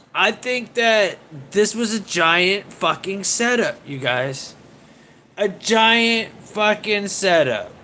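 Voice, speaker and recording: A man with a high voice hosts a casual livestream, talking slowly and unhurriedly. He rambles, swears freely and laughs as he answers comments from viewers. A faint hiss sits under his voice. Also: bright, forceful tone. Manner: rambling, profane, laughs often while reading viewer comments. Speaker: livestream host.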